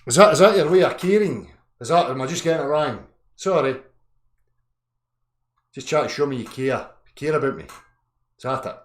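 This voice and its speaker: Bloke ranting on a stream, swears a lot, mutters then yells, bit high pitched, room echo. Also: male voice, normal speed, long pauses. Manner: angry, profane, swings from muttering to shouting. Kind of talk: ranting live chat. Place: indoor room.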